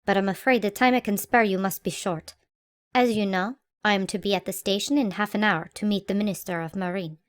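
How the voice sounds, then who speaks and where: Woman voicing old male admiral, stern, proud, brisk and commanding, mid pitch, dry close sound. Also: fairly even intonation, dry recording, lightly acted. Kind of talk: audiobook character voice.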